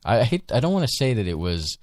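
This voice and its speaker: A man's voice: mid-range voice, very animated, fairly quick, darkish tone, a little hiss or hum. A man co-hosting a live show, chatting casually, rambling with many ums and restarts. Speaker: podcast co-host. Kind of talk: casual live-stream chat.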